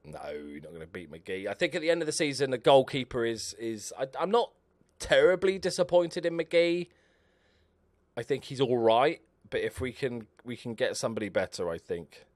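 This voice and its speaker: Animated man cheering on a game. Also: mid-range voice, normal speed, no room sound. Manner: chatty, cheering on his players aloud. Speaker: video game commentator. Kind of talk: casual live gameplay commentary.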